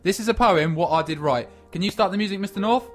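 A man's voice: high voice, quick pace, soft background music. A man co-hosting a comic podcast, reading out a news story and joking around, sometimes mock-quoting in put-on voices. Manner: jokey, mock-reads quotes in put-on voices. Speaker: podcast co-host.

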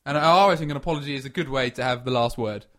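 A man's voice: mid-range voice, racing, fairly bright tone. A man co-hosting a comic podcast, reading out a news story and joking around, sometimes mock-quoting in put-on voices. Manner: jokey, mock-reads quotes in put-on voices. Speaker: podcast co-host.

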